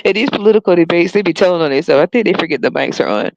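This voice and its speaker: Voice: mid-range voice, animated, very fast, no echo, lo-fi sound. A podcast host giving a sarcastic, profane solo rant, often laughing.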